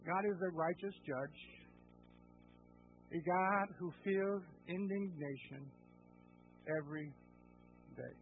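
Guy preaching a sermon, high voice, asks the crowd questions, sounds like a phone recording. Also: slow, pauses often, phone-quality sound, soft background music. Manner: asks the congregation rhetorical questions, swings between quiet and loud. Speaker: pastor.

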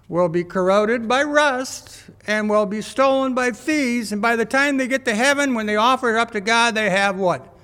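High-voiced male preacher in a reverberant hall. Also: fairly bright tone. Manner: asks the congregation rhetorical questions. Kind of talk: sermon.

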